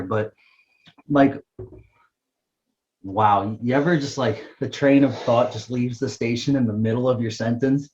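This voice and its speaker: A young man chats in a relaxed, easygoing way, swearing casually and trailing off mid-thought. His voice sits at an ordinary pitch, and the recording is muffled and lo-fi. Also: unhurried, long pauses. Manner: laid-back, profane, trailing off mid-thought. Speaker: podcast co-host. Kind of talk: casual podcast chat. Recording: dull, lo-fi sound.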